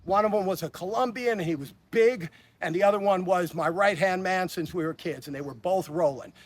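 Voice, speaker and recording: A man's voice: sits high, a little fast. A man, telling stories in a casual interview, blunt and profane, often stammering and restarting his sentences. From Chicago. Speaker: interview guest.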